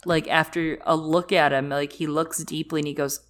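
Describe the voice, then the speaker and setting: A woman's voice: low voice, level tone, normal speed. A young woman co-hosting a podcast, chatting animatedly about a book with lots of filler words. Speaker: podcast co-host. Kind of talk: casual book discussion.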